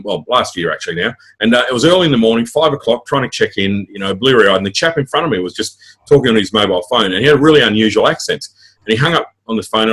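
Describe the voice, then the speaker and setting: A middle-aged man with an Australian accent, an author chatting as a guest in an interview, rambling quickly through stories with many fillers and restarts. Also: lowish voice, fairly bright tone, breathy edge. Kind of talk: casual interview chat.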